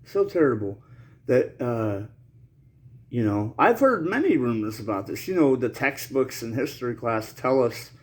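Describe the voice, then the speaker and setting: A channel host talks casually to camera in a rambling, slangy monologue, his mid-range voice expressive, slightly mellow, and measured in pace. He laughs nervously through serious points and coughs now and then as he gets over an illness.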